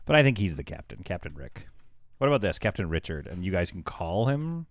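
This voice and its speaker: A man streams a game live, talking casually to his chat. His pitch swings widely as he jokes and reacts, and he laughs often. The sound is dry and close, with no room echo. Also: sing-song, brisk. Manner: chatty, talks to chat. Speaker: livestreamer playing a game.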